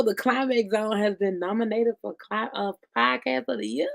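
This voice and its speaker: A woman's voice: a little high, fairly even intonation, moderate pace, vocal fry, few pauses. A woman hosting her own podcast live, chatting loosely and directly to her viewers with plenty of asides. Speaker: podcast host. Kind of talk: casual live-stream chat.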